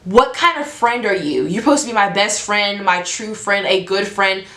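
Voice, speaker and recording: A woman's voice: mid-range voice, moderate pace, bright, forceful tone. Chatty opinionated woman in an echoey room. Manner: chatty and opinionated, laughs often, gets heated. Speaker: video host. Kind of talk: casual commentary on a romance trope.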